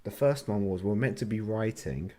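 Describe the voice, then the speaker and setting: A man's voice: lowish voice, expressive, brisk, a crowd in the background. A young man co-hosting a podcast, trading joking, sweary banter in casual chat with frequent laughs. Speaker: podcast co-host. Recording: noisy recording.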